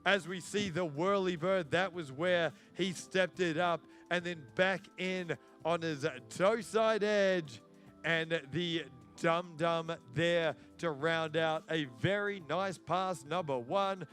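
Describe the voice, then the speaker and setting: A man calls a live sporting event with an excitable, crowd-rousing energy. His voice sits high, and his delivery is drawn out and unhurried. Faint music plays in the background.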